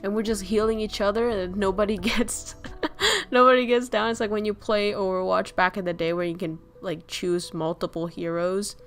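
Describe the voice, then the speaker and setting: A woman's voice: mid-range voice, steady tone, moderate pace, soft background music. A woman hosting a casual chat stream, joking and rambling, laughing often and swearing casually. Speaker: streamer host.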